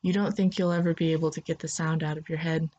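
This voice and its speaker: A woman's voice: low-pitched, flat delivery, fast talker, mellow, highs cut off. Woman narrating a second-person story.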